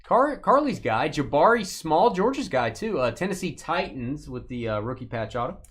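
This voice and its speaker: A joking man hosts a live card break and rattles off player names as he goes. His pitch swings widely, rising and dipping all the time. His talk stays loose and casual. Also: big pitch swings, moderate pace, fairly bright tone, breathy edge. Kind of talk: casual live stream chat while opening card packs.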